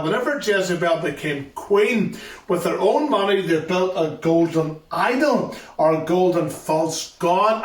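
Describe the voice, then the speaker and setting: A man with a fairly high voice retells a Bible story to a school assembly, driving points home by repeating them. He stands far from the mic in a roomy, echoing hall. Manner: storytelling, emphatic repetition. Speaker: youth ministry speaker.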